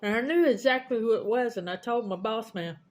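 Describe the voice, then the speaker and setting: A Southern US woman with a fairly high voice talks a little fast as she chats casually as a mukbang vlogger. She bluntly and indignantly retells an argument, quoting what each side said.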